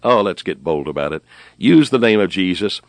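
A man's voice: low-pitched, expressive, normal speed, no echo. A middle-aged man preaching a sermon on the radio, emphatic and repeating phrases for stress.

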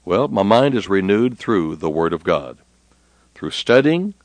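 A man preaching a sermon, rising and slowing down when he quotes scripture. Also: big pitch swings, no echo. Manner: rises in pitch and slows down when quoting scripture.

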